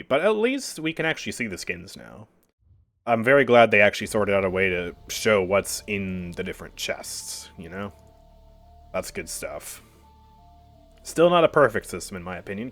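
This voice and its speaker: A man's voice: lowish voice, bright, forceful tone. A man streaming a game live, chatting casually with his viewers and laughing often as he comments.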